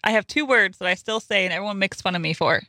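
A woman's voice: mid-range voice, fast, pushed and bright, dry recording, studio quality. A woman from Florida co-hosting a radio show, teasing and laughing often in casual chat. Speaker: radio co-host.

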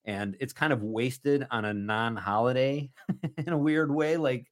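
A man's voice: mid-range voice, a little slow. A man hosting a casual talk show quiz. He is upbeat, laughs often, and reads the questions with emphasis. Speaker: radio show host.

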